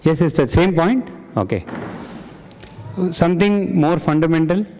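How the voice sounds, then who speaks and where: Leading an interactive spiritual class, this satsang discussion leader quizzes the audience in a large hall and praises what they answer. His voice sits on the high side with a darkish tone and a slightly slow pace. The recording carries hall reverb and a little hiss or hum.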